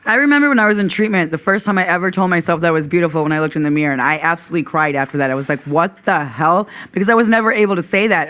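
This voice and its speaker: A woman's voice: lowish voice, fairly bright tone. A woman guest on a recovery podcast, telling a heartfelt personal story. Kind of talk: casual recovery podcast chat.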